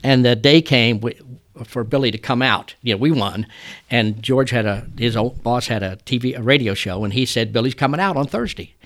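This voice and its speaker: An older trial lawyer tells folksy stories in an interview, drawling like a born storyteller. His voice is medium-pitched, a bit bright, and moves a little fast.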